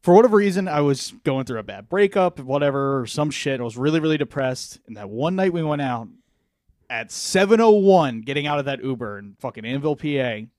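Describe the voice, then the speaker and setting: A man's voice: medium pitch, expressive, fairly quick, a little mellow, no echo, clean studio sound. A young adult man, a podcast co-host, telling a rambling, profane story and laughing through it. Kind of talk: casual storytelling chat.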